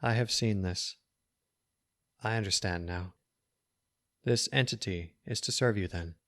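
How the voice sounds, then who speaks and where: Trembling doom prophet, put on by a male storyteller, mournful, anguished, slightly raised pitch. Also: measured pace, a bit bright, no echo, clean studio sound. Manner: mournful and sorrowful. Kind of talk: storybook reading.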